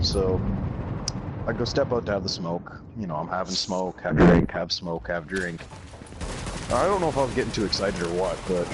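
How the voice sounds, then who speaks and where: A young man with a Canadian accent casually telling a rambling party story, swearing constantly. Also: low-pitched. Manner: profane, rambling, laid-back. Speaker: YouTuber. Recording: loud background noise.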